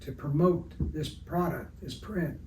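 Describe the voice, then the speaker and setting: A man's voice: a little high, a little slow, dark tone, natural voice. A man voicing a blunt, threatening team official with a thick Brooklyn accent. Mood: demanding. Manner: blunt and demanding. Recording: roomy, distant mic with faint noise.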